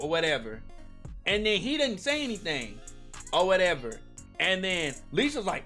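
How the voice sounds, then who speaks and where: A young man spins a workplace story for his viewers in a loose, slangy storytime voice. His pitch leaps high and drops low as he gets into it. Faint music plays underneath. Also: moderate pace. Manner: animated, slangy, addresses viewers as y'all. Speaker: storytime vlogger. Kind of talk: casual storytime monologue.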